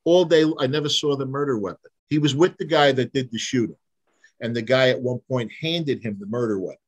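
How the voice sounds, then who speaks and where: A man's voice: mid-range voice, brisk, slightly rough. A man, a private investigator telling vivid case stories in a casual interview, acting out the dialogue. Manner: animated storyteller, acts out quoted dialogue, frequent restarts.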